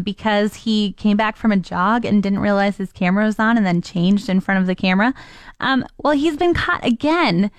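A young adult woman chats through her morning show segment in a self-deprecating storytelling way. Her voice is smooth and clean, recorded close and dry with no room sound. Her pitch sits in a middle range. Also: dry recording. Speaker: radio morning show host. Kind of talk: casual chat.

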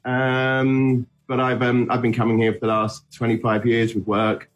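A man's voice: mid-range voice, completely flat delivery, normal speed, soft background music. A man with a British accent calling in to a morning radio show, chatting cheerfully and poking fun at himself. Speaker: guest caller. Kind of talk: casual chat.

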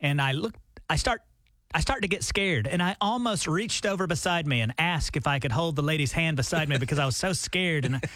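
A man's voice: fairly high pitch, fairly quick, no room sound. A man co-hosting a morning radio show, telling jokey stories in casual banter. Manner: animated storytelling, jokey. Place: radio studio.

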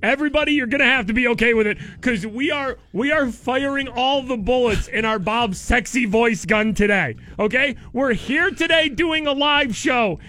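Bright, high-voiced male radio host. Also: normal speed, hardly any pauses. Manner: upbeat, reads listener tweets aloud. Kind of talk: morning radio banter. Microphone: studio microphone.

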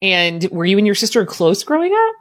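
A woman from Southern Indiana hosting a casual interview with an old college friend, chatty and quick to laugh. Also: mid-range voice, huge pitch swings, no echo.

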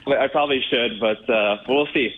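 A man's voice: mid-range voice, normal speed, slight background noise. A man answering a phone call, easygoing and a bit sheepish. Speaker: caller on prank call. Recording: phone line.

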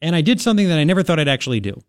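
A man's voice: a little high, sing-song, rapid-fire, dry recording, studio quality. A man hosting a talk radio show, chatting and rambling in a casual monologue with lots of restarts.

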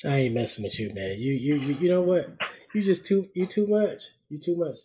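A man hosting a podcast interview, talking in a relaxed, slangy way and affirming his guest often. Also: on the high side, fairly quick, slightly rough. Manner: affirming, uses slangy casual speech, many backchannels. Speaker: podcast host. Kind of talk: casual interview chat.

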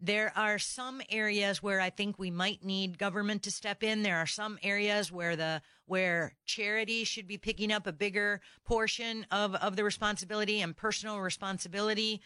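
A woman's voice: mid-range voice, fairly even intonation, normal speed, few pauses, sharp tone, clean tone, no room sound. Fired-up woman talk radio host. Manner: indignant, fired-up rhetorical questions. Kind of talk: opinionated talk radio monologue. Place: radio studio. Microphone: studio microphone.

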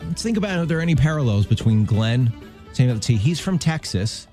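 A man's voice: medium pitch, very animated, brisk, warm tone, faint music behind. A man co-hosting a Christian morning radio show, telling stories in a loose, jokey, chatty way from a studio mic. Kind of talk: casual morning show banter. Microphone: studio microphone.

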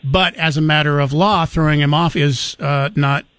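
Guy hosting talk radio, kinda high voice, dry studio mic, pushes back on callers. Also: fairly even intonation, fairly bright tone, smooth, no echo. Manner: brisk, argues back with callers. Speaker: radio talk show host. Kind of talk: talk radio, taking calls. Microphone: studio microphone.

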